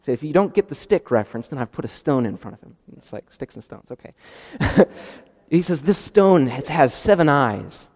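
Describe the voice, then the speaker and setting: A man preaching a sermon in a conversational, animated way, often restarting his sentences. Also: medium pitch, brisk, in a large hall.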